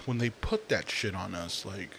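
A man's voice: low-pitched, a little slow, creaky, a bit bright, slight background noise. A young man ranting casually in a profane, rambling monologue, with fillers and sighs. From Latino, Spanish speaker.

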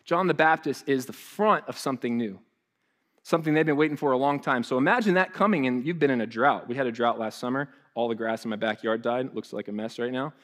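A man preaches in a relaxed, talky style. He often restarts his phrases and drifts into friendly asides, and his pitch sits in the middle range for a man. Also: quick pace. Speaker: pastor. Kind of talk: sermon.

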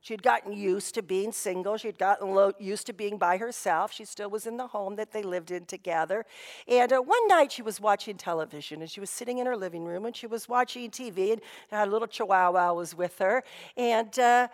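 A woman's voice: mid-range voice, fairly quick. A woman pastor giving a sermon in a conversational storytelling way, often saying "you know". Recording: long reverb of a hall.

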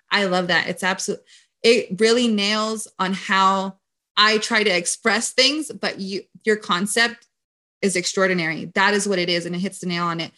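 A young adult woman hosting a podcast, talking emphatically and casually, her voice jumping high when she gets excited. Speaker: podcast host. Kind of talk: casual conversation.

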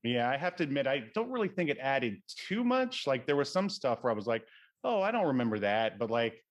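A man co-hosting a casual film podcast, talking in a relaxed, hesitant way with many fillers. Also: medium pitch, brisk. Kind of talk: casual chat.

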